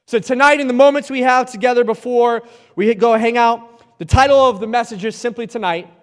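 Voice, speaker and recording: A man's voice: extremely high pitch, a little fast. A man in his thirties giving a joking, conversational youth sermon, telling stories as he preaches. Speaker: youth event speaker. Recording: reverberant hall sound.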